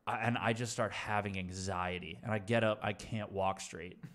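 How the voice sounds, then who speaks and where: Young man, lowish voice, casual storytelling, rambling, swearing, laughs at himself. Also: steady tone, moderate pace, fairly bright tone. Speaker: streamer telling a story.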